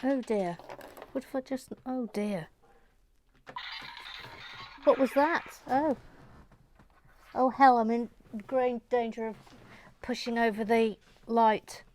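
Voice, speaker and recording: A woman hosting a relaxed Lego building video, chatting casually and muttering softly to herself with self-mocking asides. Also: fairly high pitch, takes it slowly, pauses often, faint music behind. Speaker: host building a Lego model. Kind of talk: casual chat while building.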